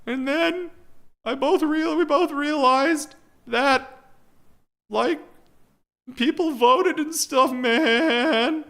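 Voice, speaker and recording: A man's voice: very slow, pauses often, a bit bright, heavily acted. A man putting on a whiny, mopey young woman. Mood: mocking. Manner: mocking, exaggerated falsetto. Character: whiny young woman devastated after an election.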